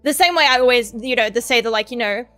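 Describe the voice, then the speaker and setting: High, bright-voiced rambling young woman. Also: fast talker, faint music behind. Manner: rambling, profane, excitable storytelling with laughs. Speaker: VTuber streamer. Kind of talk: casual stream chat.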